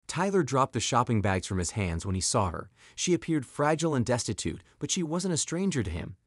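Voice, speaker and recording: Brief: male storytime narrator, animated pitch, dramatic and expressive, dry recording. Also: a little fast, breathy edge, no room sound.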